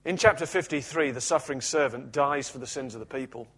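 A male pastor reading scripture aloud and then preaching an expository sermon in a measured, earnest way. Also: medium pitch, fairly bright tone, husky.

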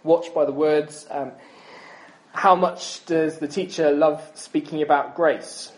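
A man's voice: fairly high pitch, fairly even intonation, slow, rough recording. A man in his thirties preaching a sermon in a chatty, self-deprecating way, with frequent ums and asides.

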